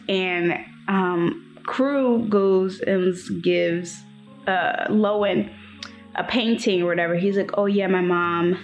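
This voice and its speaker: A young woman vlogging casually about a book, retelling the plot in an animated way and acting out quotes. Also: on the low side, muffled recording. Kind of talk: casual chat.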